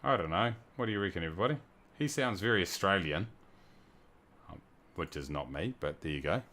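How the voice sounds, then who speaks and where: Low-voiced New man chatting on stream. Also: lively intonation, fairly quick, pauses often, pushed and bright. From New Zealand. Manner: chatty, reads viewer messages aloud and thanks them. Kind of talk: casual livestream chat.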